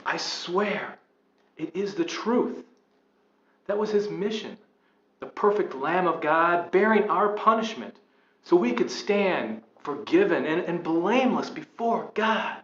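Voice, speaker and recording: An earnest, gentle apostle, played by a man in a church skit, who speaks slowly and consoles others. The voice sits fairly high and sounds a little dull, in a roomy space with faint ambience behind it. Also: expressive. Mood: fervent.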